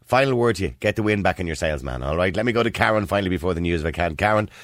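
A man with an Irish accent hosting a radio phone-in, brisk and emphatic, often jumping in on callers. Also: low voice, animated, no room sound, studio quality. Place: radio studio.

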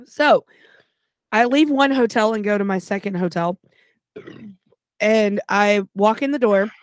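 A woman podcast co-host telling a story in a casual, animated and profane way. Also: mid-range voice, unhurried, clear, resonant tone, no echo.

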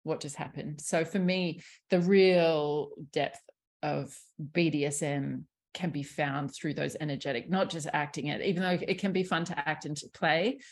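Woman, sexuality coach, low voice, husky, candid, swears, laughs a lot, podcast chat. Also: normal speed, few pauses. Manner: candid and animated, swears freely, laughs often. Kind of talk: casual podcast conversation.

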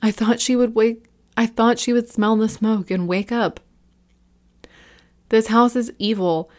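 A woman's voice: on the high side, steady tone, measured pace, pitched above the performer's own voice, lightly acted. A woman doing a panicked young man near tears. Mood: bitter. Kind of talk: horror story reading.

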